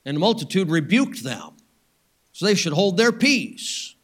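A man preaching a sermon, swinging between loud, urgent passages and hushed, soft ones, with folksy joking asides. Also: high-pitched, big pitch swings, unhurried. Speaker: pastor.

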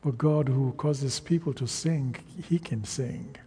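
A man preaching a sermon, slow and emphatic, calling out to the congregation for responses. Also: medium pitch, mellow, slightly rough, in a large hall.

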